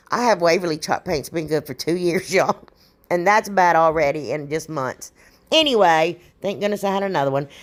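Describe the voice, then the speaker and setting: A middle-aged woman talks through her crafts in a chatty voice-over. She rambles and drifts off topic with a folksy warmth of phrase, and keeps saying "y'all" to her viewers. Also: mid-range voice. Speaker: DIY crafts channel host.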